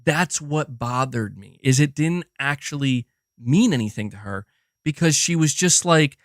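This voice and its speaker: A man hosting a gaming livestream, talking in a casual, animated and profane rant, often restarting his sentences and answering chat. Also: on the high side, unhurried, dry recording, clean studio sound. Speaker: livestream host.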